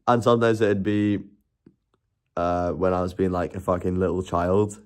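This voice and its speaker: A man's voice: fairly low pitch, little pitch movement, brisk, darkish tone, clean tone. A man chatting casually and rambling on a live stream, laughing and swearing as he goes.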